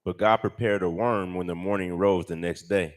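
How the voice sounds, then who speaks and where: A man reading scripture aloud in a steady, measured way, away from the microphone. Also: low-pitched. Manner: steady, measured reading of old-fashioned text. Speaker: scripture reader.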